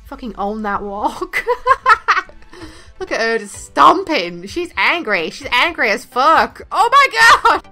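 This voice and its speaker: Woman hosting a let's play: crisp, higher voice, blunt, swears and giggles freely. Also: bright, forceful tone. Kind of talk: casual gameplay commentary.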